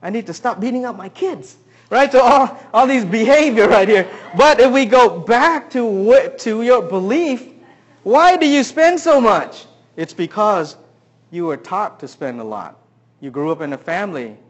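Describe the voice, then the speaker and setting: A man preaching a sermon, who keeps asking the congregation questions and swings between loud emphasis and quiet asides. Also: high voice, expressive, normal speed. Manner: asks the audience many questions. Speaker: pastor.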